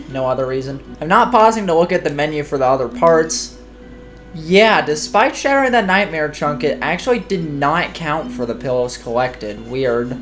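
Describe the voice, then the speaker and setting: A man's voice: mid-range voice, fairly bright tone. Chatty man rambling over gameplay. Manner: chatty, rambling, self-deprecating. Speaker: gaming YouTuber. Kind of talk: casual gameplay commentary. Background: faint game music.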